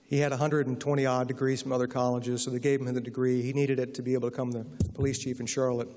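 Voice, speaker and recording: A man's voice: mid-range voice, little pitch movement, fast, darkish tone. A man giving a lecture as an author, telling wry anecdotes to an audience and answering questions. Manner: wry, anecdotal, acts out quoted voices. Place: large lecture hall. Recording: reverberant hall.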